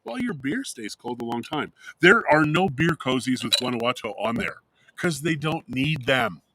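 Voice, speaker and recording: A man's voice: mid-range voice, lively intonation, moderate pace, pushed and bright, a little hiss or hum. A man co-hosting a casual livestream chat outdoors, a playful teller of exaggerated stories. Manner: playful tall-tale teller. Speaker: co-host. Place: outdoors in direct sun.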